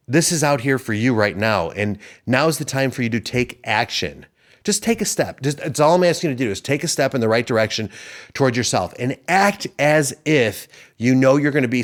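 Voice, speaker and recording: A man in his fifties hosting a podcast, giving a rambling, preachy motivational monologue. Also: mid-range voice. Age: 50s. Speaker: podcast host.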